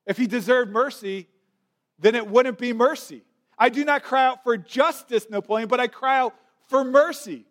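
A preacher retelling a story voices a desperate mother pleading with a ruler for mercy on her son. Her words come out earnest and pleading. The voice sits high for a man. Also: normal speed, fairly bright tone.

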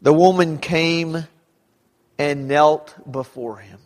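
A man preaching a sermon as pastor, dramatic, rising to shouts when he quotes people. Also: fairly high pitch, steady tone, slow. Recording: long hall reverb.

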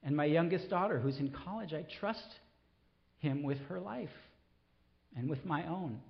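A middle-aged man preaching a sermon, pleading and impassioned, then soft and reflective. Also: fairly high pitch, expressive, measured pace, gravelly, dull audio. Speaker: pastor.

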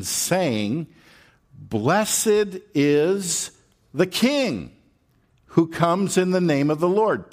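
Man, pastor, sermon, unhurried delivery, lively intonation, rhetorical questions. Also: mid-range voice. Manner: animated preaching, slow and deliberate with drawn-out words; rhetorical questions and check-ins like "all right?".

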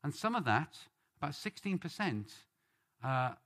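A man's voice: on the high side, big pitch swings, a little slow, fairly bright tone. A man from Britain giving an earnest sermon-style Bible teaching and leading a study group. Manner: earnest, rising on questions and names.

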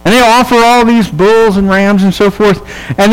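High-voiced man preaching a casual, joking sermon. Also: fairly even intonation, moderate pace, clear, resonant tone, low-quality recording. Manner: casual, humorous storytelling with quoted voices; conversational, checks in with the audience. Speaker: pastor.

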